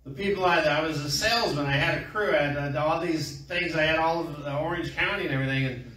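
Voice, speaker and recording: A man's voice: a little high, quick pace, pushed and bright. A middle-aged man preaching a sermon in a folksy storytelling way, trading call-and-response with his congregation. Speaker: pastor. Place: small church room. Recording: echoey room from far off.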